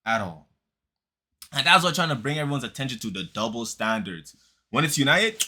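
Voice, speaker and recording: A man's voice: medium pitch, animated, brisk, bright, forceful tone, husky. A man giving a heated, mocking football reaction commentary, using street slang and repeating lines for emphasis.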